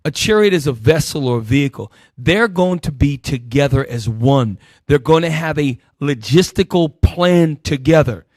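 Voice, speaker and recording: Emphatic Bible teacher, dry close sound. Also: male voice, expressive, normal speed, few pauses, dry recording. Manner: emphatic, swinging between loud bursts and low asides; calls out verses and directs helpers. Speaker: Bible teacher leading the class. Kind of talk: street-style Bible teaching sermon.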